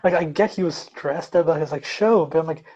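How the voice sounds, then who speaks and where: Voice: medium pitch, brisk, breathy edge, muffled recording. Profane young university student ranting. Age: young adult. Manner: profane, animated, acts out quoted dialogue. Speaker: podcast co-host. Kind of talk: casual chat, ranting storytelling.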